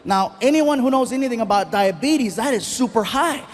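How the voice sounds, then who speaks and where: A man telling stand-up comedy stories in an animated, self-mocking way. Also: extremely high pitch, moderate pace. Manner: animated, self-mocking, acts out the voices of others.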